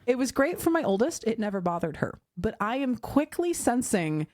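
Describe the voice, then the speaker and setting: Co-host, a mother with a frank, wry and animated delivery, recorded dry and close. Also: on the high side, moderate pace, no echo. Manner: frank, wry and animated, plays mock-stern voices. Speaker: podcast co-host. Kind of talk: casual chat.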